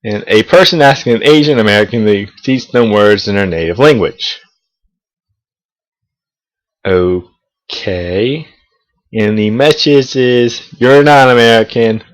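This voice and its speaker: A man's voice: on the low side, animated, slow, pauses often, poor audio. A young man, a college student, talking casually to camera in a rambling way, with frequent restarts and swearing. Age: young adult. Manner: rambling, profane, hesitant restarts. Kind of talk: casual talking-head vlog. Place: South of the United States.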